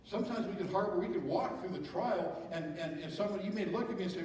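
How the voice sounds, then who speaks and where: A man's voice: high voice, animated, fast talker, hardly any pauses, a little mellow, slight background noise. A middle-aged man pastor preaching a sermon, talking conversationally and asking the congregation rhetorical questions. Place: church sanctuary. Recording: echoey church hall from far off.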